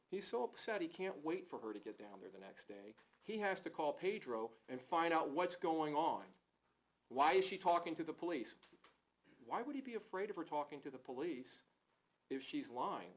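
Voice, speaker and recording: A man's voice: on the high side, poor audio. A male prosecutor delivering a closing argument in a courtroom, pressing the jury with emphatic rhetorical questions.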